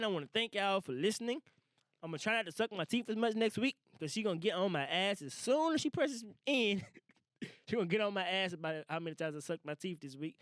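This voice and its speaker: A young man hosting a casual solo podcast, talking loosely with profane slang and animated asides. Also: high voice, clear, resonant tone, no room sound, studio quality. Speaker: podcast host. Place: small recording room. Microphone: studio mic.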